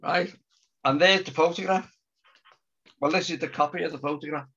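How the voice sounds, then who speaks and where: A man's voice: fairly high pitch, steady tone, normal speed, a bit bright, breathy edge. Older man, casual storytelling, acts out dialogue, laughs often, muffled lo-fi recording. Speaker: storyteller guest. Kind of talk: casual anecdote telling. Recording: muffled lo-fi sound.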